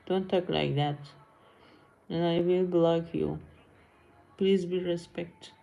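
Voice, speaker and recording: A woman's voice: fairly low pitch, steady tone, slow, creaky, warm tone, highs cut off. A woman live streamer chatting casually with viewers, blunt and scolding, answering comments and switching between languages.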